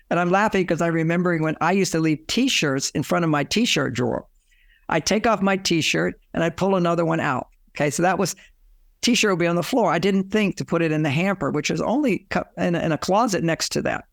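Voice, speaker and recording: Gravelly man telling relationship stories. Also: a little high, a little fast, dry recording, studio quality. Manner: acts out quoted dialogue; chuckles while telling stories. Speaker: relationship author, guest. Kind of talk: anecdotal advice talk.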